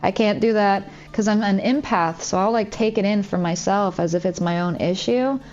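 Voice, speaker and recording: At normal speed, her mid-range voice has a darkish tone, and the recording cuts off the highs. She's streaming a game from home, casually rambling and confiding, using "like" heavily.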